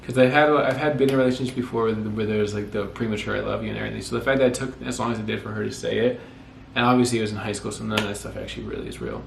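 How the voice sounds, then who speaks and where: A vlogger in his twenties races through the story of his engagement to his wife, barely pausing, in a creaky, fairly low voice with fairly even intonation. He rambles, corrects himself, and quotes himself often as he tells it casually. The recording has echo and faint noise.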